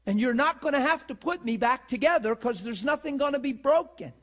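A man in his forties preaching with fervor, his voice sitting very high for a man. He throws out rhetorical question after question and acts out quoted pleas. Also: lively intonation, fairly quick, a bit bright. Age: 40s. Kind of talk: sermon.

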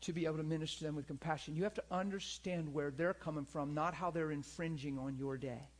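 A male preacher gives a conversational teaching in a somewhat high voice. He is animated and earnest, and keeps turning to his listeners for an amen or a nod of agreement. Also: fast talker. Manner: animated, acts out people in high pleading voices; earnest, repeats himself, asks listeners for agreement. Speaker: pastor and teacher.

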